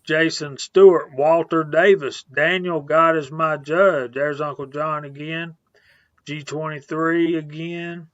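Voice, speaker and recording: A man hosts a casual live stream, working slowly through a list of viewers' names in a relaxed way. His voice sits a little high for a man. The sound is dry and a bit dull and lo-fi. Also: no echo. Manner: reads out viewer names, laid-back.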